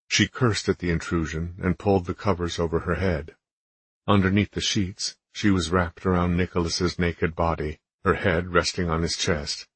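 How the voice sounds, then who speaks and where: Reading from a romance audiobook script, the narrator speaks in a very deep, husky male voice, keeping his delivery steady and measured. It's a dry, close recording without room sound.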